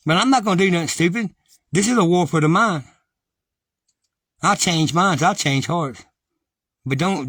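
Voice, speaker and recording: A man's voice: medium pitch, no echo. A middle-aged man giving an impassioned, defiant monologue to his viewers, blunt and heavily profane. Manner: rises to agitated, loud ranting.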